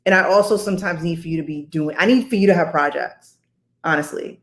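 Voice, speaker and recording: A woman's voice: lowish voice, fast talker. A woman co-hosting a casual chat with her mother, teasing and playful. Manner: teasing, playful, laughing often. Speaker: co-host, psychiatrist.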